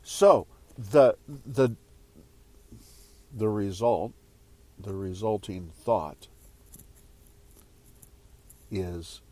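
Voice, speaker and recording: A man's voice: lowish voice, very slow, pauses often, mellow. A man giving a casual motivational talk to viewers, rambling and repeating phrases as he goes. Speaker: spiritual speaker.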